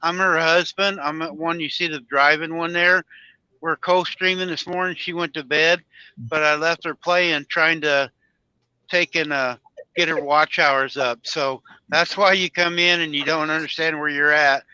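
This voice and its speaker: A man's voice: fairly high pitch, fairly even intonation, normal speed, pushed and bright, clear, resonant tone, dry recording. A man chatting casually on a livestream from his parked truck cab, greeting viewers by name. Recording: dull lo-fi sound.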